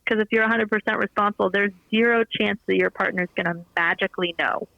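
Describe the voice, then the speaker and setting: A woman's voice: medium pitch, quick pace, gravelly, no room sound. A woman guest on a podcast, chatting casually and acting out quotes as she tells stories over a muffled remote line. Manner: animated storyteller, acts out quotes. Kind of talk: casual chat.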